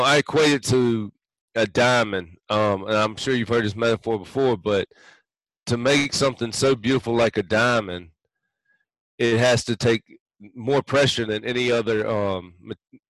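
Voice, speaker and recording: A man's voice: mid-range voice, normal speed, a bit bright, no room sound, low-quality recording. A man who is a guest on a business podcast, telling his story in an earnest, heartfelt, reflective way with frequent ums. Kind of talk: interview storytelling.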